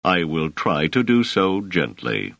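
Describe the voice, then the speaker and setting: A man voicing a stolid, literal-minded big male sergeant who speaks in a slow, rumbling, formal way. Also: very animated, gravelly, a bit bright, no echo, muffled recording, exaggerated voice.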